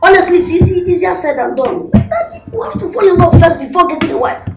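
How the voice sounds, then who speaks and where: A man's voice: very high-pitched, big pitch swings, normal speed, vocal fry, heavy background noise, exaggerated voice. An actor playing a brash young prince who argues with his father and schemes with his brother. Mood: protesting. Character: young adult royal son, brash and scheming. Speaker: prince, king's son. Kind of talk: film acting.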